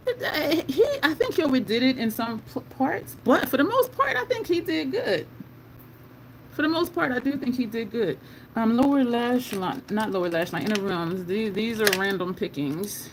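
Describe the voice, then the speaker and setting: A woman's voice: medium pitch, a little hiss or hum, low-quality recording. A woman beauty vlogger in casual chat while doing her makeup, answering viewer comments and laughing often.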